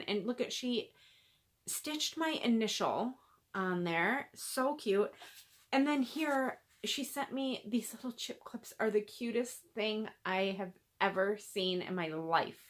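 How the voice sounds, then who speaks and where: A woman hosting a cross-stitch video, chatting casually and gushing over gifts, with lots of fillers and soft asides. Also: on the high side. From American Midwest. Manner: gushing, chatty, many fillers, drops to near-whispers. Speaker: Flosstube host showing gifts. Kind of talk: casual chat to camera.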